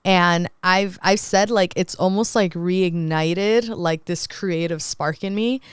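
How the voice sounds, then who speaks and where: A woman's voice: lowish voice, fairly even intonation, slow, smooth, no echo, clean studio sound. A young woman co-hosting a podcast in casual chat, talking freely with lots of fillers and frequent laughs. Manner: chatty, laughs often, many "like" fillers. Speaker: podcast co-host.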